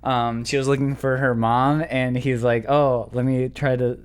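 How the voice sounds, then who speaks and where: A man's voice: mid-range voice, little pitch movement, measured pace, smooth. A tipsy young man, a guest on a casual chat, stumbling through a long plot summary with lots of fillers. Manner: rambling, hesitant, full of "like". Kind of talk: drunk casual chat, retelling an anime plot.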